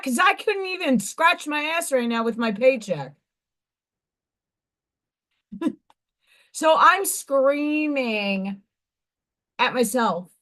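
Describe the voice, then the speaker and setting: A woman in her forties hosting a livestream, her voice hoarse and partly gone, venting bluntly and profanely with exasperation. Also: high-pitched, a bit bright. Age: 40s. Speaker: livestream host. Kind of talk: casual venting livestream chat.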